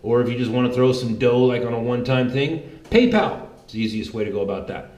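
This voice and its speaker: A man's voice: mid-range voice, quick pace, darkish tone, echoey room. A man hosting a political commentary show, fired up and confrontational, swearing freely as he rants.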